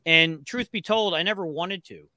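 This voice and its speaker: A gruff man who jokes at his own expense and talks with a slight lisp from a missing tooth, as a guest chatting on a podcast. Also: high-pitched, normal speed, bright, forceful tone, no echo. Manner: gruff, joking, self-deprecating. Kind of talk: casual chat.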